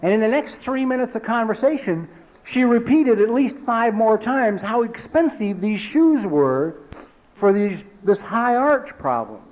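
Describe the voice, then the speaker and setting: A man in his forties telling a personal recovery story at a meeting, talking conversationally with lots of "you know" and dropping low and quiet for emphasis. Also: expressive, a little slow, rough recording. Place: meeting hall.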